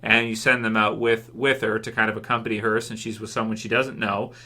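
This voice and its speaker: Man, bright forceful voice, casual episode review, rambling, many fillers, chuckles. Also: on the low side, flat delivery, a little fast. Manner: rambling, heavy on fillers and restarts; chuckles often while talking. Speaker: TV show reviewer.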